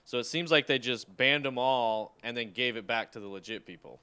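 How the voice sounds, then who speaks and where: A man's voice: mid-range voice, fairly quick, bright, forceful tone, smooth. A man co-hosting a casual show, chiming in briefly and agreeably. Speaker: co-host. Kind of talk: casual chat.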